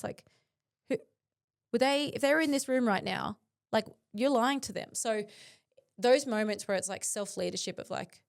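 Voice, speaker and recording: A woman's voice: mid-range voice, creaky. Earnest, intense woman. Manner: earnest, intense, with frequent fillers. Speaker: podcast guest, bodybuilder. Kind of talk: reflective interview talk.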